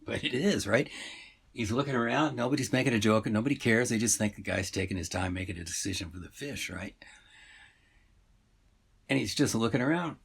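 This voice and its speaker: Gravelly, meandering male storyteller. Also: on the low side, brisk, long pauses. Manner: meandering, full of fillers. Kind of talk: rambling oral storytelling.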